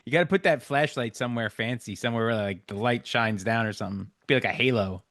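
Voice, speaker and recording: A male co-host asks questions in a relaxed, good-humored way. His voice sits at a middle pitch, and the recording is dry with no room echo. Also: quick pace. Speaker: podcast co-host. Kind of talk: casual interview chat.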